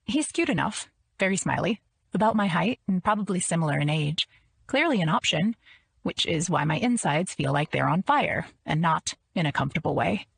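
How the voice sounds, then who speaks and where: A woman narrating an audiobook in the first person, in an even, measured reading. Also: on the low side, gravelly, slightly rough, no room sound.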